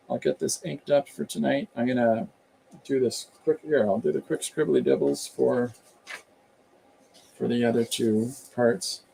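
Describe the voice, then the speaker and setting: A man's voice: medium pitch, vocal fry, mellow, breathy edge, low-quality recording. A man chatting casually and rambling while he draws on a live stream. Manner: rambling and chatty, slips into voices. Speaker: artist streaming while drawing.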